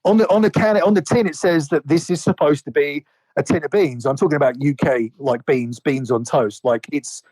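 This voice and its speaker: A man's voice: a little high, darkish tone, no echo, rough recording. A man in casual podcast chat about wrestling, rambling and swearing a lot with many restarts. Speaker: podcast co-host.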